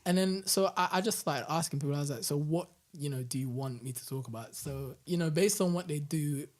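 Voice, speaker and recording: A man, a guest on a casual podcast interview, telling animated stories and laughing often. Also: on the high side, brisk. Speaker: guest musician and bus driver.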